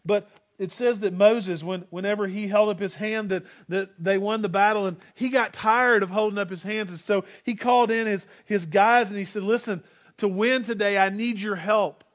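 A man's voice: sits high, moderate pace, hardly any pauses. A man in his forties preaching a sermon as pastor, earnest and exhorting, leading the congregation to repeat lines after him. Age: 40s.

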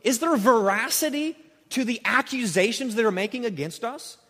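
High-voiced man preaching with animation. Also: moderate pace. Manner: animated, dips low and quiet for emphasis. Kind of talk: expository sermon. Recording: long reverb from a large hall.

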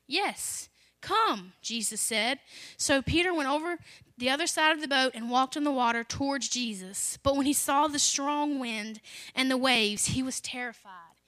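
Young woman pastor, high bright voice, animated preaching, big loud jumps when she quotes people. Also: moderate pace, dry recording. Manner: animated, acts out quotes with sudden loud rises. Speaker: children's pastor. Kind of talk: prayer and sermon with scripture reading.

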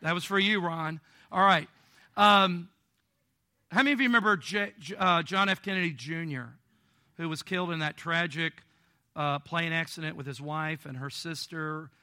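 A man preaching a sermon as a pastor, in a conversational way with humorous asides, swinging between emphatic and quiet delivery. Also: a little high, normal speed, no echo, clean studio sound. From Illinois.

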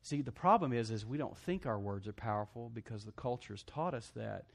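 A man's voice: mid-range voice, animated, brisk, gravelly. A man preaching a sermon, asking the congregation for amens and joking as he acts out other people's voices. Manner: preachy call-and-response, asks congregation for amens; jokey, acts out quoted voices. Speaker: pastor.

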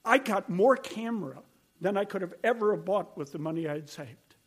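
A man's voice: high-pitched, expressive, moderate pace, breathy edge. An older man preaching a sermon, telling stories in an earnest, conversational way. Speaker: pastor.

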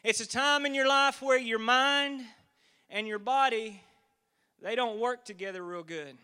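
A man's voice: extremely high pitch, unhurried, sharp tone, smooth. A man in his forties preaching a sermon, with folksy storytelling that builds to fervent emphasis. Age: 40s.

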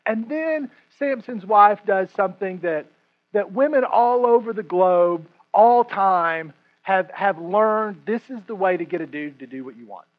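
High-voiced joking preacher man. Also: unhurried, narrow, tinny audio. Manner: animated, joking, repeats words. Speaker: pastor. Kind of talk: sermon.

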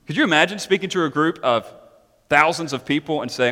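A man preaching a sermon, animated and emphatic, mixing scripture reading with chatty asides and questions to the congregation. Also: on the high side, normal speed, pauses often. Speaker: pastor. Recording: long hall reverb.

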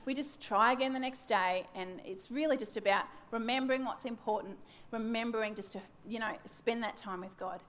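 A woman in her thirties gives a devotional teaching talk with a fairly high voice. She speaks candidly and pokes fun at herself. She acts out her own wandering thoughts. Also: fairly quick, few pauses, fairly bright tone. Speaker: church teacher.

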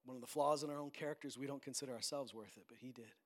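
A male pastor preaching a sermon, swinging between loud, ringing declarations and low, soft pleading. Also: rapid-fire. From Canada.

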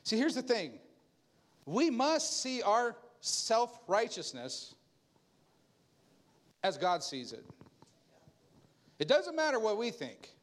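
A man's voice: takes it slowly, pauses often. A man preaching a sermon, talking straight to his congregation in a loose, conversational way and acting out the people he quotes. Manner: animated, jumps into a higher voice to act out quoted people; conversational preaching with asides and laughs. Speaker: pastor.

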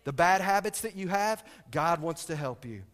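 A man's voice: a little high, lively intonation, moderate pace, fairly bright tone. A middle-aged man preaching a sermon as pastor, telling stories, asking the congregation questions and adding joking asides. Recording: long hall reverb.

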